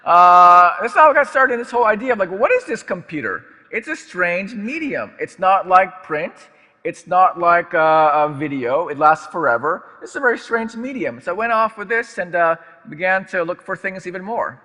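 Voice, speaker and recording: Guy giving a talk in a big echoey hall, bright tone, kinda rambly and self-mocking. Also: sits high, animated, normal speed. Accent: American. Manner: chatty, self-deprecating, many fillers and restarts. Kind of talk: stage talk to a live audience. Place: large lecture hall. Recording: long hall reverb.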